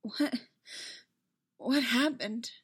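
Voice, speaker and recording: A woman's voice: a little high, a little slow, breathy edge. A woman voicing a dazed, shaken young queen whose voice comes out raw and faltering.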